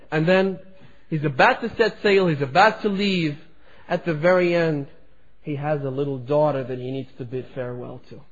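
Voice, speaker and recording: Male preacher, high voice, impassioned sermon storytelling, muffled lo-fi recording. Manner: impassioned, swelling and dropping in loudness. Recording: dull lo-fi recording.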